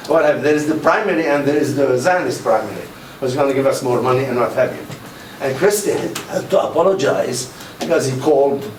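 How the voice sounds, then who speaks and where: An older man giving a public lecture, telling anecdotes and acting out the quoted dialogue with animation. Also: medium pitch. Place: mosque hall. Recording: roomy, distant mic with faint noise.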